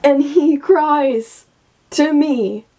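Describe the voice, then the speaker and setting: A woman's voice: high voice, very slow, mellow. A young woman in her late teens, venting candidly and emotionally to camera and swearing freely. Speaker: vlogger.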